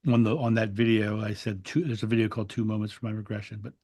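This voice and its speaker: A man's voice: fairly low pitch, level tone, fast talker, a little mellow, breathy edge. A man telling a spiritual story in an interview, earnest and reflective, often restarting his words. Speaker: interview guest.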